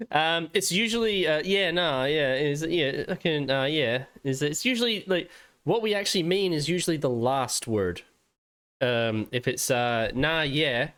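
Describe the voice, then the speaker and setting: A man's voice: a little high, measured pace, a bit bright. Swearing, laid-back Australian streamer man. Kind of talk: casual livestream chat.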